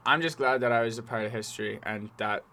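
A man's voice: mid-range voice, fast talker, vocal fry, pushed and bright. A young man co-hosting a podcast, chatting casually, laughing a lot and swearing as he rambles through stories. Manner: crude, laughing, rambling storyteller. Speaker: podcast co-host. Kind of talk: casual chat.

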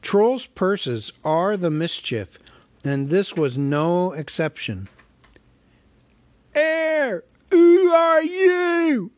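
A man reading a story aloud as narrator, with measured, wry storytelling. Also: fairly high pitch, no room sound. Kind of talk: audiobook reading.

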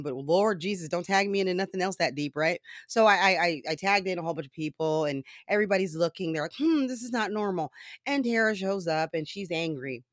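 Chatty woman with a lowish voice. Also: no room sound, clean studio sound. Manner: animated, laughs often, profane asides. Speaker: commentator. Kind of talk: casual storytelling commentary.

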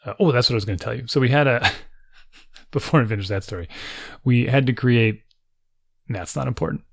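Gravelly-voiced man telling a story. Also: medium pitch, a little fast, no echo. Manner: animated, acts out quotes, laughs often. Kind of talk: casual storytelling chat.

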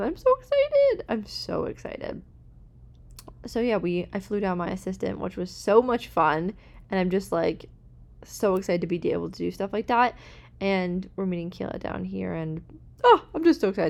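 A woman's voice: mid-range voice, a little mellow. A young woman hosting a podcast, talking in a casual, upbeat, heartfelt way about getting motivated and thanking her listeners. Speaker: podcast host.

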